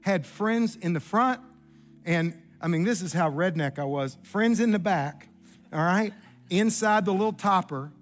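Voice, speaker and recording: A man's voice: sits high, lively intonation, unhurried, soft background music. A man, preaching a sermon through an earnest, folksy story from his own life.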